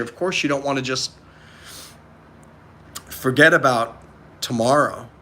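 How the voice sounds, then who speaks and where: Man in his forties, somewhat high voice, earnest motivational livestream, clears throat often. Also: fairly bright tone. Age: 40s. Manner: earnest, reads and answers chat. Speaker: livestream host.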